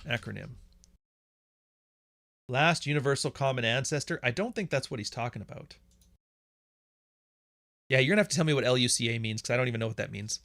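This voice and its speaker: A Canadian man talks off the cuff as a podcast host, blunt, profane and sarcastic, often breaking into laughs. His voice is bright and forceful, at a middling pitch. The sound is dry and close, with no room echo. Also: brisk, long pauses. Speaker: podcast host answering chat questions. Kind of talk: casual livestream chat.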